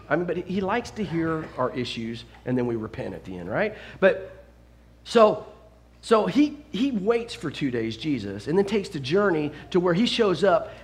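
A middle-aged man preaching a sermon as a pastor, telling self-deprecating stories with lots of restarts. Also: high voice. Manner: animated, self-deprecating storytelling with frequent restarts.

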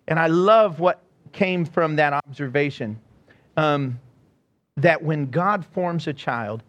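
Middle-aged male pastor, high voice, animated storytelling sermon with plenty of laughs. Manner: animated storytelling, acts out quotes and laughs often. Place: church.

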